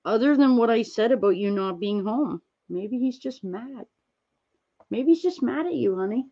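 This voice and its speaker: A woman streaming, chatting casually with viewers while she crafts, rambling and gently reassuring them with lots of fillers. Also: a little high, expressive, normal speed, highs cut off. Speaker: livestreamer answering chat.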